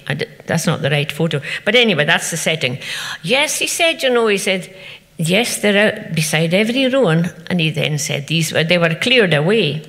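A woman's voice: fairly low pitch, lively intonation, moderate pace, a bit bright. An older woman, telling anecdotes to an audience and acting out the people she quotes. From Scotland. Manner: chatty anecdotal storytelling, acting out quoted voices. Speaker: festival speaker. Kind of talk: storytelling talk to an audience. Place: event venue. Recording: echoey hall.

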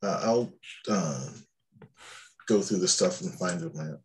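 A man's voice: sits low, slow, rough recording. A man playing a tabletop game, describing his character's actions in a hesitant, casual way. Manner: hesitant, lots of uh and like. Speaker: player.

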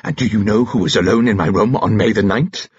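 A man voicing an agitated, volatile older aristocrat who shouts in an audiobook. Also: fairly low pitch, fairly quick, husky, dry recording, muffled recording. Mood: shaken.

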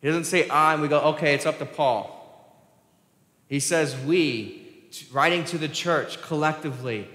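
A man's voice: on the high side, steady tone, moderate pace, pushed and bright. A male pastor, preaching a sermon in a conversational style that rises for emphasis. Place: church sanctuary. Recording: echoey hall reverb.

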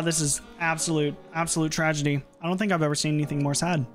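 Young man, game streamer, casual chat, frequent swearing, slightly high voice, faint background music. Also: steady tone, brisk. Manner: chatty, swears often, reacts loudly in frustration. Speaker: streamer playing a horror game.

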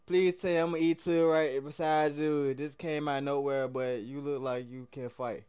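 A young man from the American South streaming a game live, chatting with his viewers in hyped, slangy bursts that swing between loud and soft. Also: fairly high pitch, steady tone, normal speed, clear, resonant tone.

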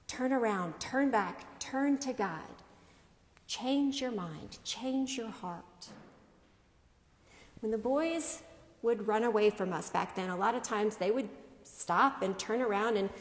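Preaching from the pulpit, a female pastor takes her time, weighing each phrase and often asking questions she doesn't expect answered. Her pitch is a touch high, her tempo relaxed, and a lengthy church echo trails every word.

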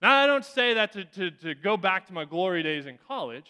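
A man's voice: high voice, animated, moderate pace, sharp tone. A man preaching a sermon in a church, telling a story earnestly and often restarting his phrases. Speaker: pastor. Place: church sanctuary. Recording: reverberant church hall.

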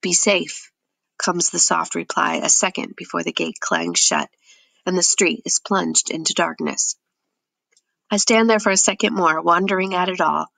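A woman giving steady, measured first-person audiobook narration. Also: lowish voice, gravelly, no echo.

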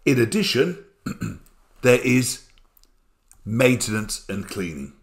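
A man's voice: mid-range voice, sing-song, slow. An older man giving a recorded exam revision lecture in a chatty way, often asking rhetorical tag questions. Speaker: accountancy exam tutor.

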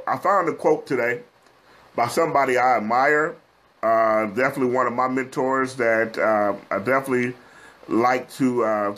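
A middle-aged man with a Texan drawl, talking casually to viewers on a livestream. He is chatty and folksy, with plenty of "uh"s, and keeps calling his audience "guys" in a mid-pitched voice. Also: fairly bright tone. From Texas. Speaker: host of a business advice livestream. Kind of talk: casual live-stream talk to viewers.

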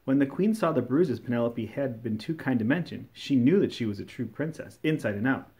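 A man reads a fairy tale aloud to children, his mid-pitched voice rising and falling with lively expression. He tells the story with care and clear storytelling emphasis. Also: fairly quick. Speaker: storybook reader.

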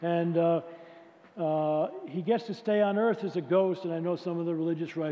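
A man with a high voice gives a faith-based leadership talk in a large conference hall. His words ring out with a long reverb, and the recording sounds muffled and lo-fi. He speaks conversationally and keeps asking the crowd questions. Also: moderate pace, mellow. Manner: conversational, poses rhetorical questions to the audience. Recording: echoey hall, dull lo-fi sound.

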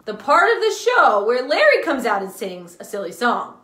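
A woman's voice: fairly high pitch, huge pitch swings, moderate pace, pushed and bright, roomy sound. A woman hosting a live children's show, telling a story in an enthusiastic, sing-song way. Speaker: children's ministry host.

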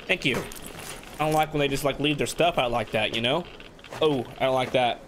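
A young man giving excitable let's play commentary on a game, jumpy and shouting when startled. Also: mid-range voice, fairly quick, slight background noise. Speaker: gaming video host. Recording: loud game sound under voice.

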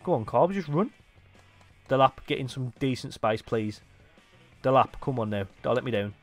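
A young man giving excitable live commentary on his own football video game match, dropping to low mutters between sudden loud outbursts. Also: moderate pace, soft background music. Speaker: gaming YouTuber.

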